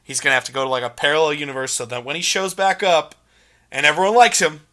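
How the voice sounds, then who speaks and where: A young man with a bright, forward voice co-hosts a casual movie podcast. He talks in long, emphatic runs, animated and quick to press his points. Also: a little high. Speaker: podcast co-host.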